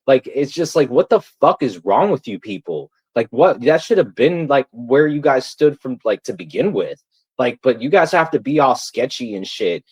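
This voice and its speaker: A man's voice: on the low side, lively intonation, normal speed, rough recording. A man ranting angrily to his livestream viewers, heated, profane and repetitive. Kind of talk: angry livestream rant.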